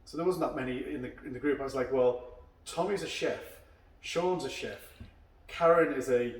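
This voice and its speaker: A man hosts a relaxed chat over drinks and winds through long stories, voicing the people in them as he goes. His voice sits in the middle of the male range. It echoes around the room and sounds set back from the mic. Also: medium pitch, normal speed, far from the mic. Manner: long rambling anecdotes, acting out quoted dialogue. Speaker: karate instructor and podcast host. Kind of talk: casual chat over a beer.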